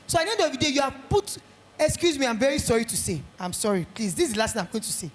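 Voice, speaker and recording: A middle-aged woman with a Nigerian accent giving a lively motivational talk at an education conference, acting out little scenes. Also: high-pitched, rapid-fire, reverberant. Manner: animated, acts out little scenes in quoted voices.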